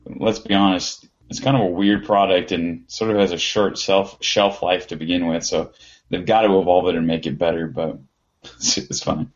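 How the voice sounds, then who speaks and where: A man's voice: low-pitched, steady tone, normal speed, muffled recording. A man chatting casually as a podcast co-host, rambling through a story with lots of fillers and restarts. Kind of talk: casual chat.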